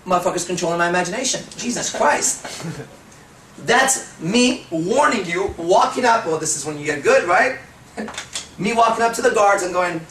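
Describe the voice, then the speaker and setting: A man giving a seminar talk as a dating coach, telling stories, swearing, and slowing into hypnotic suggestion. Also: high-pitched, lively intonation, a bit bright, slight background noise. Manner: profane, storytelling, slows into hypnotic suggestion. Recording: echoey room from far off.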